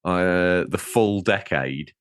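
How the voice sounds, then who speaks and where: A man co-hosting a gaming podcast, bantering in a jokey, animated way and laughing at himself. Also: deep voice, slow, clear, resonant tone, no room sound. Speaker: podcast co-host. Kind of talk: casual banter.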